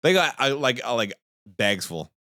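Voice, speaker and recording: A man's voice: mid-range voice, moderate pace, dry recording, studio quality. A man in his thirties co-hosting a casual podcast, telling family stories with laughter and acted-out quotes. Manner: animated storyteller, acts out quotes with laughter. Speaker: podcast co-host. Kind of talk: casual chat.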